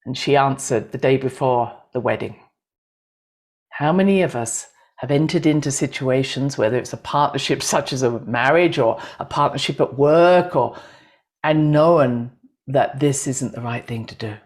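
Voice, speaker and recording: Low-voiced woman giving an animated talk. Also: moderate pace. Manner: animated, acts out inner voices with laughs. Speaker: speaker on intuition and astrology. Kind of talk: talk to an audience.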